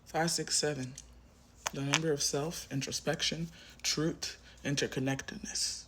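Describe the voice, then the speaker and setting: A man's voice: fairly high pitch, fairly even intonation, unhurried, noisy background. A man giving a collective tarot reading straight to the viewer, impassioned and emphatic, repeating phrases, swearing, and sometimes dropping to a whisper. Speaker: tarot reader.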